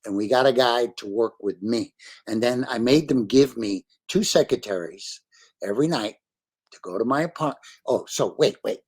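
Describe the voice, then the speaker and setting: Male guest, lively storyteller, acts out his own lines, swears freely, middle pitch. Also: moderate pace, breathy edge. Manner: animated, acting out his own quotes. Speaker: podcast guest. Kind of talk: casual storytelling interview.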